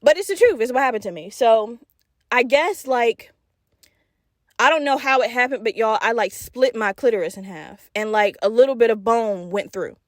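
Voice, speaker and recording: A woman's voice: a little high, moderate pace, dry recording, clean studio sound. A woman in her twenties hosting a podcast, telling a story animatedly, cursing freely and talking straight to her listeners. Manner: animated, profane, addresses listeners directly. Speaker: podcast host. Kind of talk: casual storytelling.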